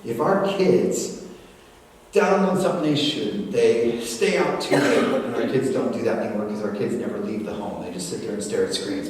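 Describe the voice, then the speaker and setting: An older man giving a lively church workshop talk, acting out dialogue between a parent and child. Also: a little high. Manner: animated, acts out parent dialogue. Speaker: speaker. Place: church hall. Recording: echoey hall from far off, faint noise.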